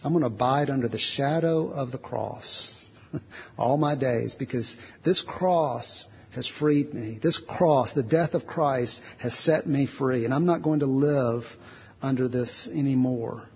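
A man's voice: medium pitch, measured pace. A man preaching a sermon in a church in an earnest, repetitive cadence, acting out short prayers. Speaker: pastor. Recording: husky voice, long hall reverb, dull lo-fi sound.

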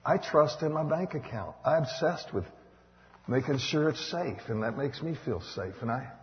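Man preaching; big swings from shouts to hushes, long hall reverb, slightly muffled. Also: medium pitch, animated, normal speed, a little hiss or hum. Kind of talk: sermon. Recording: dull echoey hall recording.

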